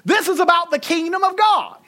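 A woman with a Southern US accent preaching a sermon, emphatic and humorous, swinging between loud and soft. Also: very high-pitched, brisk. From Southern United States.

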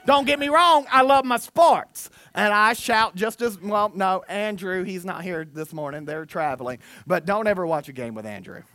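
Animated pastor preaching. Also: male voice, high-pitched, normal speed, few pauses. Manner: animated, self-mocking, with put-on quotes of listeners. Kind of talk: sermon. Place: church.

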